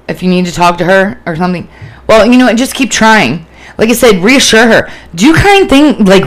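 A woman with a fairly low voice hosts a casual podcast about self-love. She talks bluntly and earnestly, swears freely and acts out her own inner voice. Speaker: podcast host. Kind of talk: casual self-help talk.

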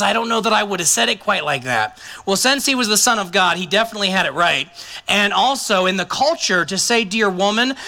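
High, very bright-voiced male pastor. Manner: conversational, with joking asides. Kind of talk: sermon.

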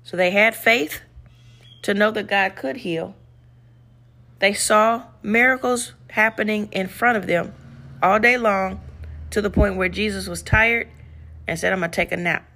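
A woman's voice: medium pitch, a little slow, pauses often, sharp tone. A woman reads scripture aloud and then breaks off to teach on it. She speaks in an earnest, conversational way and leans hard on her key points. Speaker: devotional podcast host. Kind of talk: scripture reading and devotional teaching.

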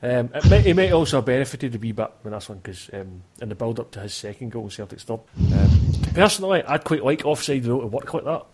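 Fast-talking opinionated Scottish man. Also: medium pitch, big pitch swings, background noise. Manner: chatty, opinionated, many restarts. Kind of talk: casual football chat.

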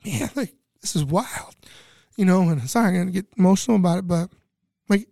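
A man's voice: high voice, fairly quick, gravelly, mellow, no room sound, studio quality. A middle-aged man from California telling a story in casual chat, rambling and repeating himself, acting out other people's voices. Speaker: guest recounting flood relief work.

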